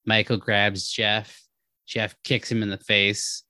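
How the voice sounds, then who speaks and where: Animated man retelling a book plot. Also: on the low side, slow, dry recording. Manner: animated storytelling with frequent asides and restarts. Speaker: podcast co-host. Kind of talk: casual book discussion.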